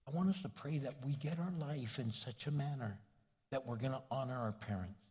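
An older man, a pastor, preaching a folksy, conversational sermon with homely stories, his husky voice carrying through a church sanctuary. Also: mid-range voice, a little fast, warm tone. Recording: long reverb of a large hall.

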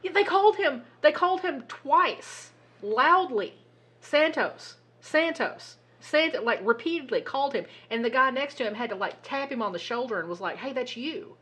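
A woman co-hosting a casual podcast, telling a story in an animated, exasperated way and swearing now and then. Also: high voice, brisk, hardly any pauses, breathy edge. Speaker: podcast co-host. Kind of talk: casual chat.

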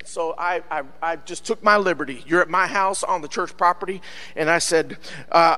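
Male pastor, high bright tone, fiery sermon delivery with "uh" fillers. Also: normal speed. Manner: preaching with shouted, rising bursts and frequent "uh" fillers.

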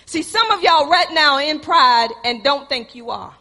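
Woman preacher, high and bright, sermon in a church with long reverb, shifts from loud urging to hushed asides. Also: lively intonation, a little slow. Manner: storytelling preaching, swings from loud exhortation to quiet asides.

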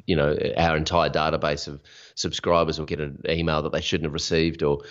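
A man talks frankly as a podcast guest, sharing personal stories and upbeat advice. His voice sits very low. The sound is a little dull and lo-fi. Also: flat delivery, a little fast. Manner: frank, storytelling, motivational. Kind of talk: candid interview conversation.

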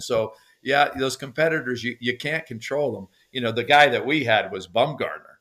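A man's voice: medium pitch, normal speed, fairly bright tone. An older man, a baseball coach guesting on a podcast, telling stories in a rambling way with many restarts. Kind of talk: casual interview conversation.

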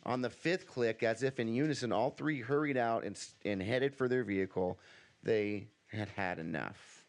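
Podcast host, man, mid-pitched, reads a story aloud in a casual tone. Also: moderate pace.

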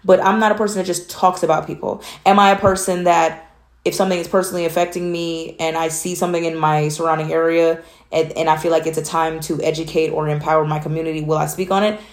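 A woman's voice: sits low, level tone, fast. A young woman from Atlanta hosting a casual solo podcast, talking in a blunt, candid, matter-of-fact way. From Atlanta, USA. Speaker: podcast host.

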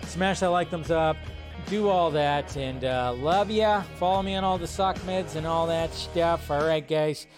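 A chatty man hosting a live movie stream, his voice pitched a little high. He rambles through his talk in a loose, casual way, with faint music playing behind him. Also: measured pace. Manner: rambling, chatty, reads viewer comments aloud.

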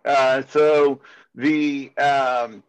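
A man's voice: mid-range voice, fairly even intonation, drawn-out words, clean tone, poor audio. A man who speaks at security conferences, chatting casually in an interview and drifting into passionate, rambling rants full of "it's like.". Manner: heavy filler use of "it's like".

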